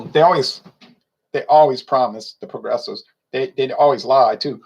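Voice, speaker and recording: A man's voice: mid-range voice, moderate pace, creaky, darkish tone, slight background noise. A man ranting in a casual monologue, opinionated and rambling, full of rhetorical questions. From United States. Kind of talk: casual rant to camera.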